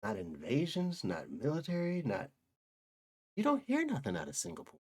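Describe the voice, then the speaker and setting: A reaction streamer riffs over clips with animated, joking commentary full of slang and laughter. The pitch swings widely, and the speaker keeps up loose, playful asides. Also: normal speed, slightly rough.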